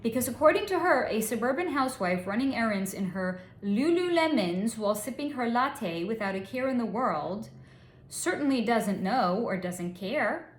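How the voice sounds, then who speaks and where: A woman psychic passing on what she has channeled, blunt and candid, with a voice a little higher than most. She swears freely and spells out the cruder words. The recording has an echoey, roomy sound. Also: animated, moderate pace, a little hiss or hum. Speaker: psychic reader. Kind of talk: relaying a channeled reading.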